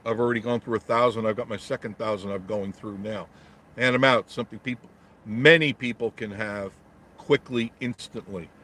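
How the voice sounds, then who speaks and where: A man's voice: fairly low pitch, fairly even intonation, moderate pace, fairly bright tone. Blunt joking man live-streaming from his car. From New York. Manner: blunt, joking, reads viewer comments aloud and answers them. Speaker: travel vlogger reading live chat. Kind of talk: casual live-stream chat from a parked car. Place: inside a car in traffic.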